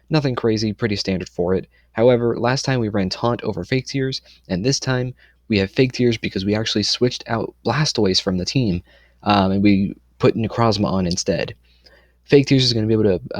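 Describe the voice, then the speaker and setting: Talking through his competitive team for a video, this young man sounds confident and rambly, dropping plenty of "um"s and correcting himself quickly. The voice is lowish and a little mellow in a dry recording.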